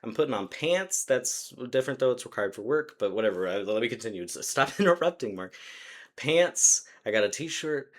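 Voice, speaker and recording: A man's voice: mid-range voice, expressive, moderate pace. A young man co-hosting a podcast, chatting casually in long run-on sentences and laughing often. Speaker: podcast co-host. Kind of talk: casual chat.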